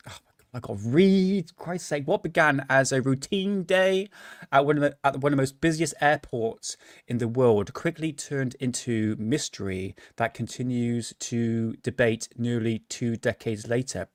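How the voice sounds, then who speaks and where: A man's voice: medium pitch, no echo, studio quality. A man co-hosting a live-stream chat, reading out a case with stumbles and chatty asides. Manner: reads stumblingly with asides and laughs. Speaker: podcast co-host.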